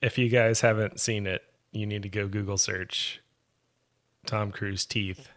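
Low-voiced rambling male podcast guest. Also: fairly even intonation, a little slow, fairly bright tone. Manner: rambling, hesitant, trails off. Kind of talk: casual chat.

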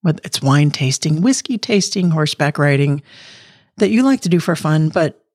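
A woman's voice: low voice, normal speed, dry recording. Chatty woman podcast host, close and dry. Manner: chatty, energetic, laughs often. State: losing her voice. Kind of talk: casual podcast monologue.

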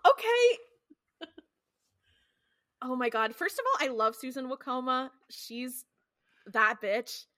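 A lively woman co-host chats casually, her bright voice swinging high and low as she swears and laughs. The sound is dry and close. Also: slow pace, pauses often, no echo. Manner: animated, swearing, laughing often. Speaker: podcast co-host. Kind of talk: casual chat.

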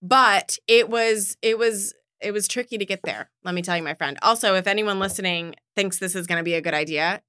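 A woman's voice: medium pitch, a little fast, few pauses. A woman co-hosting a podcast, telling a family story in casual chat and acting out the people in it. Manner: animated storyteller, acts out voices. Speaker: podcast co-host.

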